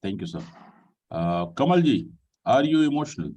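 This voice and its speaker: A man hosting an online group discussion, who speaks politely and pauses often with fillers. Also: on the low side, big pitch swings, dark tone, recorded from a distance, rough recording. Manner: polite, addresses people with "ji" and "sir". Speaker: session host.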